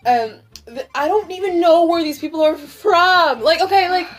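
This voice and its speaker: A young woman hosts her channel's casual stoned mukbang chat, giggling and rambling and saying "like" constantly. Her voice is very high, her pace moderate, with faint music playing behind her.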